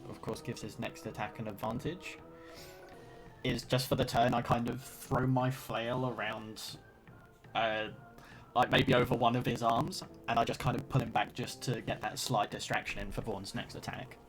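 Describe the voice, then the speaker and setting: A man's voice: medium pitch, fairly even intonation, normal speed, faint music behind. A man playing in an online tabletop game, casually explaining his moves step by step. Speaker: player.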